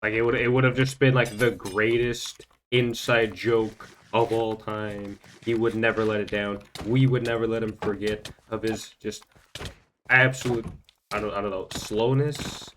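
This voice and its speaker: A man's voice: on the low side, level tone, measured pace, a bit bright, a little hiss or hum. A young man telling a rambling story during gameplay commentary, full of fillers and stumbling repeats. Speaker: gaming channel host.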